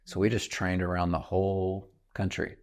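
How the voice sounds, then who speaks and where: Deep-voiced man in his thirties. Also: flat delivery, moderate pace, a little mellow. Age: 30s. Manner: earnest, reflective storytelling. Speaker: podcast host. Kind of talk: casual conversation.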